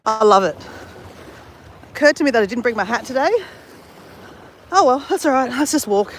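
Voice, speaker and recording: A woman's voice: fairly high pitch, animated, moderate pace. Chatty Australian woman live-streaming outdoors. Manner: chatty, greets viewers, talks while walking. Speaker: livestream host. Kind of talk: casual live-stream chat while walking. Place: outdoors on a beach at sunrise. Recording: faint outdoor background noise.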